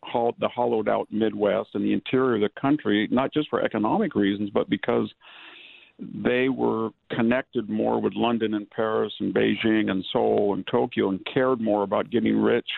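Gravelly low man on a phone line. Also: fairly even intonation, no room sound. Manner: measured, talks in long lists of examples. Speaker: guest commentator. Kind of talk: political interview over the phone. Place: home in rural California. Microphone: telephone.

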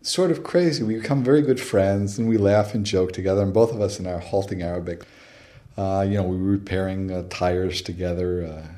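A man's voice: deep voice, steady tone, fairly quick, dark tone. A male anthropologist, a guest on a radio interview, telling stories animatedly with frequent fillers and restarts. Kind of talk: casual radio interview storytelling.

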